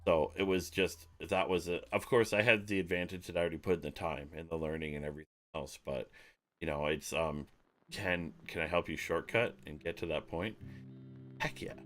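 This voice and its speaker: A man's voice: sits low, fairly even intonation, fairly quick, fairly bright tone. A man streaming live, talking casually and rambling, with jokes and some swearing. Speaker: online marketing streamer. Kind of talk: casual livestream talk.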